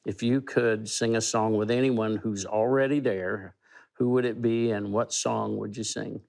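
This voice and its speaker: A man's voice: on the low side, fairly even intonation, unhurried, vocal fry, a little mellow. A man hosting an interview, encouraging his guest in casual chat. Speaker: interview host.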